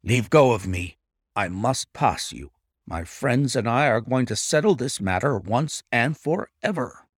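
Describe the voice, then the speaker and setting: A man's voice: medium pitch, animated, measured pace, husky, no echo, studio quality. A man voicing a grim, determined middle-aged husband in a detective story, speaking sternly. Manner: stern and clipped.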